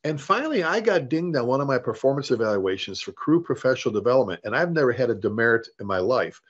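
A man's voice: mid-range voice, fast talker, slightly rough. A middle-aged man, a fire service leader, telling stories in an interview, acting out quoted dialogue and restarting his sentences often. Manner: animated storyteller, acts out quoted dialogue, frequent restarts. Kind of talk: conversational storytelling. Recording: dull lo-fi interview audio.

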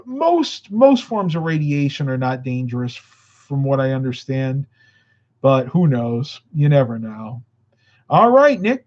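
A tired, slightly winded man talks casually on a live stream. He rambles from one viewer comment to the next in an easygoing way. His voice sits a bit high, and the audio is dull and lo-fi. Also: darkish tone. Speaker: vlogger answering live chat. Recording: muffled lo-fi audio.

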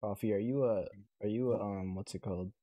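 A teenage man hosting a casual podcast chat, talking in a flat, monotone way and laughing often. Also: lowish voice, brisk. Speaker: podcast host.

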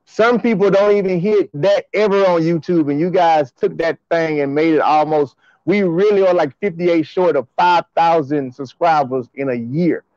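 A man hosting a track and field show, talking to his fans in an excited, slangy, repetitive way on a livestream. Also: on the high side, normal speed, no echo, muffled recording. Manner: hyped, hollering, slangy and repetitive.

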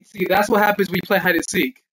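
A man's voice: high voice, flat delivery, fast, a bit bright, poor audio. A man hosting a casual gaming livestream, reading chat aloud, laughing often and blessing viewers in churchy phrases.

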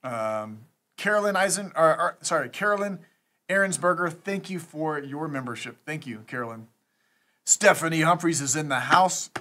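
A man's voice: fairly high pitch, animated, moderate pace, pushed and bright. A man hosting a live stream, chatting casually and reading out thanks to supporters. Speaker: streamer scambaiting host.

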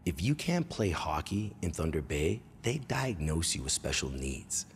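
A Canadian man in his forties tells crude comic stories from his childhood with a low, deep voice. He gets animated and breaks into loud bursts and impressions. A faint hum of room noise sits under him. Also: measured pace. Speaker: comedian host. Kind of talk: comedic storytelling monologue.

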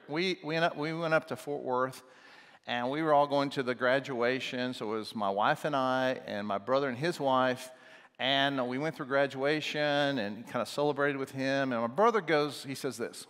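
A man with a fairly high voice preaches in a church, animated and storytelling, slipping into the voices of the people in his stories. The sound rings with a long reverb from the church hall. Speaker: pastor. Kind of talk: sermon. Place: church sanctuary.

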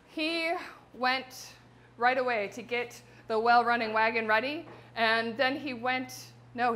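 A woman's voice: fairly high pitch, fairly bright tone. Casual irreverent woman storyteller. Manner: irreverent, casual, with slang and asides. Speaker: performer-translator. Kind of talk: casual live retelling of an epic.

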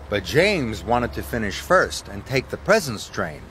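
A man reading scripted storybook narration for a children's cartoon, slow and expressive. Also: lowish voice, slight background noise.

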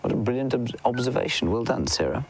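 A man acts as a safari guide outdoors in the bush, offering lively wildlife commentary and answering viewer questions, now and then whispering. His medium-pitched voice is quick and lively in intonation, against a noisy background.

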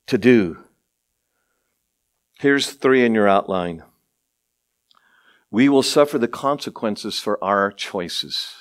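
A middle-aged male pastor preaching a sermon, conversational, with asides and rhetorical questions, swinging from low murmurs to excited raised passages.

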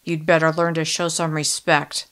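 A woman reading the lines of a menacing young male enforcer, harsh and loud in an audiobook. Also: low-pitched, little pitch movement, moderate pace, clear, resonant tone.

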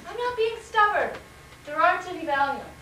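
A woman's voice: very animated, brisk, pushed and bright, exaggerated voice. A woman acting the part of a frantic, rattled wife whose home was just robbed, in a class scene on stage. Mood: distraught. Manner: shrill, rattled, defensive. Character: frantic middle-aged wife, upset after a burglary. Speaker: acting student. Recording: roomy and distant, faint noise.

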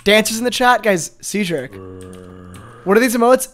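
A man streaming a game live, chatting with viewers, excitable and quick to laugh. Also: very high voice, faint music behind. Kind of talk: live gaming stream chat.

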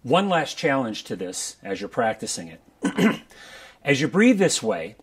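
A man teaching a breath-control exercise for brass players in a relaxed, conversational way, often checking in with the listener. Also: mid-range voice, measured pace, slightly rough. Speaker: trombone coach. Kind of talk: instructional video talk. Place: his studio.

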